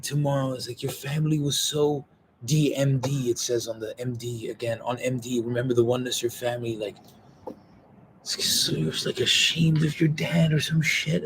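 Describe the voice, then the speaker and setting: A man talking in a loose, rambling monologue, swearing and quoting other people in quick voices. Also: on the high side, creaky, slight background noise.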